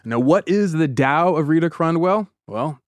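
A male podcast host spins a true story as a lively imagination exercise, addressing the listener as "you." He is playful and theatrical, dropping in brief funny voices for the characters along the way. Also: fairly high pitch, normal speed, dry recording, studio quality. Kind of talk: storytelling narration in second person.

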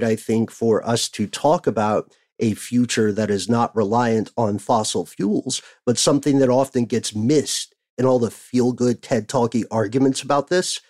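A man's voice: mid-range voice, darkish tone. A man co-hosting a podcast in casual chat, explaining at length and laughing often. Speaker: podcast co-host.

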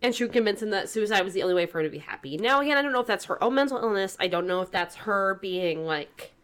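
A woman's voice: medium pitch, animated, fast talker, a bit bright, smooth. A woman co-hosting a casual talk podcast, speaking earnestly and reading text messages aloud in a plain voice. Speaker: podcast co-host.

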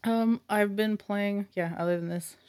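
A woman's voice: mid-range voice, steady tone, a little slow, a little mellow, no room sound. A young woman co-hosting a gaming podcast, chatting casually with teasing, dry remarks. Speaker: podcast co-host. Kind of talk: casual chat.

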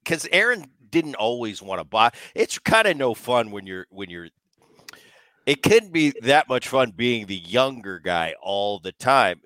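A man in his fifties co-hosting a podcast, telling an animated story and acting out what people said. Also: medium pitch, no room sound. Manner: animated, acts out quotes. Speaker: podcast co-host.

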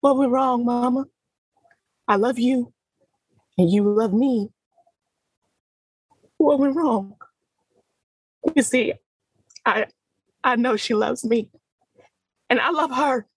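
A woman's voice: a little high, takes it slowly, long pauses, breathy edge, dry recording, pitched above the performer's own voice, poor audio. A woman performing a dramatic monologue as a grown daughter wounded by her mother's love, pleading and rising into anguish. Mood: bitter.

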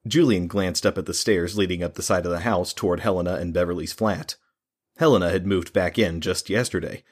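A man reading a fantasy novel aloud as an audiobook narrator, in a steady, measured way. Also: sits low, breathy edge.

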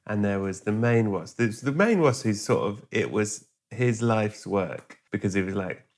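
A man hosting a podcast, telling a deadpan, sweary comic story and acting out characters in a hushed voice. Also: lowish voice, a little fast, hardly any pauses. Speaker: podcast host.

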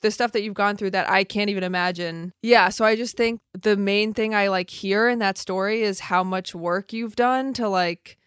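A woman's voice: mid-range voice, steady tone, moderate pace, few pauses, fairly bright tone, clean tone, dry recording, studio quality. A young woman hosting a casual chat, talking in an earnest, reflective way with many filler words.

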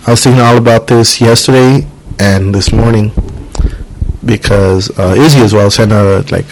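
A podcast host with a lowish voice at normal speed and fairly even intonation rambles in casual chat, cursing freely and acting out the people in his stories. The recording is rough, with a little hiss or hum.

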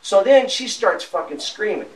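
A man's voice: high voice, animated, normal speed, roomy sound, recorded from a distance, rough recording. Profane rambling man on body camera audio. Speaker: man questioned by police. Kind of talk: rambling account to police. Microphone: police body camera.

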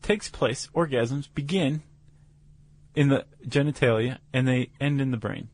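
A man's voice: medium pitch, unhurried, a little mellow, no room sound. A man co-hosting a podcast, explaining science in casual chat with fillers and restarts. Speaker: podcast co-host.

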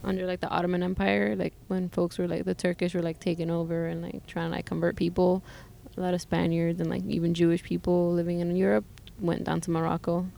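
A woman's voice: fairly low pitch, flat delivery, brisk, creaky, few pauses, dark tone. A woman in her thirties telling travel stories in casual chat, saying "like" constantly. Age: 30s. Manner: chatty, heavy use of "like". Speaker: guest sharing travel stories.

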